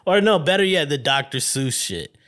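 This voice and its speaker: A man's voice: fairly high pitch, lively intonation, unhurried, fairly bright tone. A man hosting a solo podcast, rambling casually, swearing constantly and laughing often. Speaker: podcast host.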